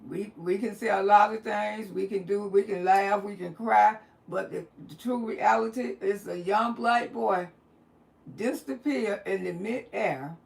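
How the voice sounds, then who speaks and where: A woman hosting a live stream in casual chat, expressive and colloquial and quick to laugh. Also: medium pitch, vocal fry. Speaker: livestream host.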